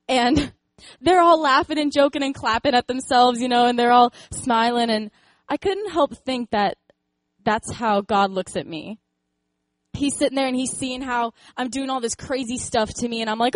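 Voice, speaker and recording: A woman's voice: fairly high pitch, brisk, dry recording. A young woman giving a personal faith talk, earnest and encouraging, telling stories with laughs and acted-out voices. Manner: animated storytelling, acts out voices in quotes. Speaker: speaker sharing a faith testimony.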